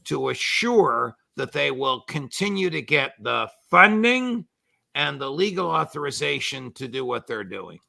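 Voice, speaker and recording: An older man, a former judge, giving measured but indignant political commentary with sarcastic asides. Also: medium pitch, very animated, gravelly, sharp tone, no room sound.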